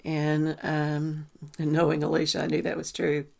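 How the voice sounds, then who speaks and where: A woman, a mother telling a personal story in a halting way, with many ums and restarts. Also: low voice, completely flat delivery, vocal fry. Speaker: mother recounting a family loss. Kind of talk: personal testimony.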